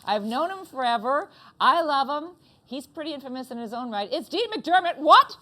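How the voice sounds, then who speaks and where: A woman's voice: high-pitched, animated, pushed and bright. A woman from Canada hosting an interview show from a music club, cracking jokes and teasing her guests in playful banter. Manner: joking, teasing, quick quips. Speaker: talk show host.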